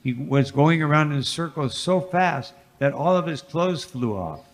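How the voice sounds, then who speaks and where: A man, a monk, giving a devotional scripture class as a lively storyteller with frequent asides. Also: on the high side, measured pace. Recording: reverberant hall.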